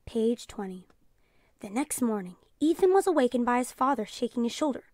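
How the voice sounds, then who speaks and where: A woman teacher reading a children's storybook aloud in a calm storytelling voice, announcing page numbers. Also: a little high, brisk, dry recording. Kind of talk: children's read-aloud narration.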